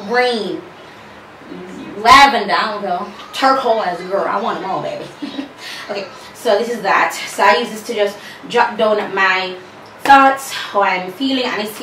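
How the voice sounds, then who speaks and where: A woman's voice: medium pitch, fairly bright tone. A woman vlogging in casual chat, showing what is in her bag, with sassy asides to viewers. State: out of breath. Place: room at home with a fan. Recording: echoey room, far from the mic, faint hum.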